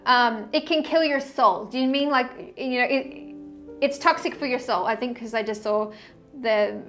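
A woman's voice: a little high, normal speed, a bit bright, soft background music. A woman giving a casual tarot reading to camera, chatty and effusive, often laughing and trailing off mid-sentence. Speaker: tarot reader.

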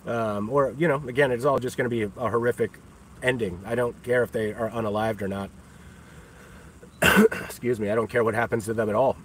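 A man's voice: mid-range voice, a bit bright, a little hiss or hum. A man ranting on his own livestream, scornful and taunting, cursing freely and breaking into laughter often. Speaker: livestream host. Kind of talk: profane livestream rant.

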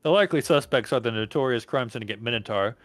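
A man's voice: mid-range voice, fast talker, no echo, close to an everyday voice. A man reading the part of a TV news anchor in a formal newscast manner. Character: TV news anchor reporting a heist.

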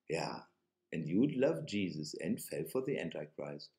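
A man's voice: lowish voice, huge pitch swings, takes it slowly, dark tone, reverberant. A man with a German accent preaching emphatically to camera, sarcastic and repeating phrases for effect. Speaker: online religious video host.

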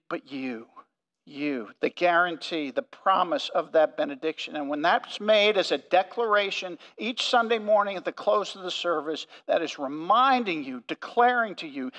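Man pastor giving a sermon, high voice, slows down to hit the big words, echoey church hall. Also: fairly bright tone. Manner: earnest, emphatic preaching with slow stressed phrases. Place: church sanctuary.

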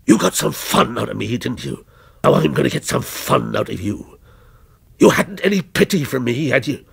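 A man voicing a menacing male visitor, a criminal former policeman, in a taunting, slow and deliberate way, in a dramatic story reading. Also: mid-range voice, animated, creaky, breathy edge, full character voice.

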